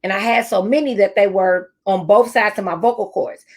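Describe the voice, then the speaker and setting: A woman's voice: medium pitch, steady tone, moderate pace. A middle-aged woman teacher and speaker giving a motivational talk to teachers, telling stories and repeating her key phrases.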